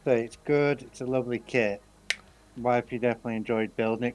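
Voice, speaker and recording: A man's voice: medium pitch, fairly even intonation, brisk. A man with an ordinary mid-range voice talks casually on a live stream. He explains things plainly and without fuss.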